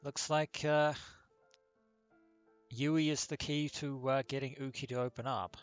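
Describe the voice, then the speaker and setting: A man's voice: medium pitch, flat delivery, a little slow, clean tone, highs cut off, faint music behind. A man hosting a let's play, reading the game text aloud and adding comments with some fillers.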